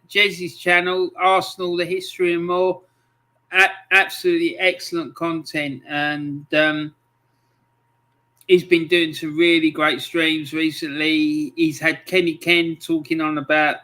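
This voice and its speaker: A livestream host with a fairly high-pitched, sharp voice greets viewers in a friendly, casual way, reading out their comments and saying "um" a lot.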